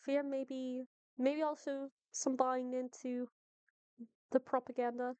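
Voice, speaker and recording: A female game master voices a cautious woman guide in a put-on Irish accent that drifts toward Boston, hesitating with many ums and restarts. Her high voice is level, slow, and a little mellow. The tone is clean with no echo, but the audio is dull.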